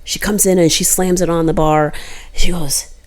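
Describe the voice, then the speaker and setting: Animated woman telling stories. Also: fairly low pitch. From United States. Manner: animated storyteller, quick bursts, quotes others. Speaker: co-host. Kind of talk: casual chat.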